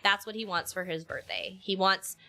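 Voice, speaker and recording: A woman talks casually with a bright, forward voice. She tells animated stories and laughs often. Faint music plays behind her. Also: mid-range voice, normal speed. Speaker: streamer and mother. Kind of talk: casual chat.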